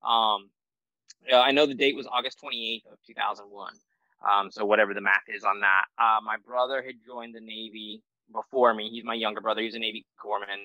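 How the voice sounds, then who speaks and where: A man in his forties with a bright, forceful voice, recorded close and dry. He talks as a guest in a casual interview, rambling and self-deprecating with lots of ums and restarts. He comes from the United States. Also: fairly low pitch, fairly even intonation, fairly quick, dry recording, rough recording. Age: 40s. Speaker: guest, military veteran.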